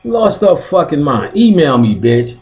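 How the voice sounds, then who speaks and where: Host, man: profane and loud, laughs a lot, pitch jumps all over between yelps and mumbles. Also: a little slow. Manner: loud, laughing, swings between high excited yelps and low mutters; swears constantly. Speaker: host of an occult class stream. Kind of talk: casual profane chat.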